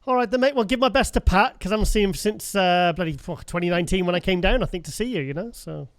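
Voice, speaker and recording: A man hosts an interview in easy, friendly banter, swearing offhand now and then. His voice sits high and sounds smooth and resonant. The sound is close and dry. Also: fast, no echo. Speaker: podcast host. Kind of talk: casual interview chat.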